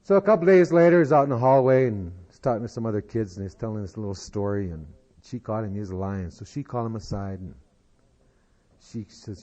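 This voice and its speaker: A man telling a long folksy joke as a speaker at a recovery meeting, unhurried and full of "he said". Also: lowish voice, warm tone. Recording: dull lo-fi 1990s tape.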